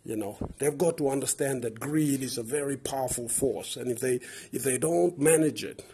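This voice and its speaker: A man's voice: medium pitch, normal speed, dark tone, slight background noise. A man from Papua New Guinea with a Papua New Guinean English accent, hosting a podcast and speaking in an earnest, impassioned way, repeating words and building up lists. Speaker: podcast host. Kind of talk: earnest advocacy podcast monologue.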